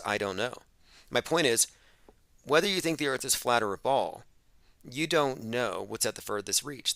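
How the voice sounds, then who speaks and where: A man hosting a call-in radio show, with a bright, forceful voice and a dry, close sound. He talks emphatically and with heavy sarcasm. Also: medium pitch, clean tone, no echo. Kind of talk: open-phones radio monologue.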